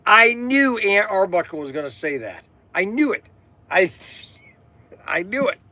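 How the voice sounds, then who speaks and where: Middle-aged male shop owner, loud and repetitive, unhurried delivery, bright tone, casual livestream host. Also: high voice, big pitch swings. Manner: loud, repetitive, peppers talk with "okay".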